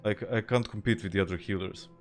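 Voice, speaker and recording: Talking fast in a lowish voice, this young man from Serbia keeps his live gaming chat easygoing and profane while responding to messages from viewers. He has a Serbian accent, and soft music plays in the background.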